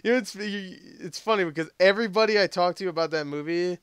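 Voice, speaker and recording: A young man talks movies in a casual, profane way and laughs a lot. His voice sits a bit high and comes through clear. The recording is dry and close. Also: fast, no room sound. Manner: profane, laughing often, animated. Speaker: podcast host.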